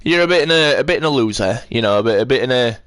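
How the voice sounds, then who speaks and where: A man's voice: medium pitch, animated, very fast, fairly bright tone, no echo. A man chatting on a live stream, rambling and ranting as he answers his chat.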